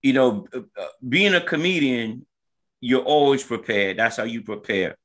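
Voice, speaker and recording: A man's voice: mid-range voice, expressive, normal speed, a bit bright. A laid-back man, a comedian co-hosting a talk show. He chats casually and jokes in a mid-range voice, often repeating a phrase for effect. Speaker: comedian co-host. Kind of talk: casual radio show chat.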